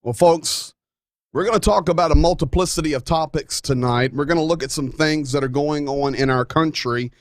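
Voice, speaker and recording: A man's voice: fairly high pitch, normal speed, no room sound, clean studio sound. A man hosting a talk show, delivering a folksy, emphatic monologue with playful asides. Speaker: show host.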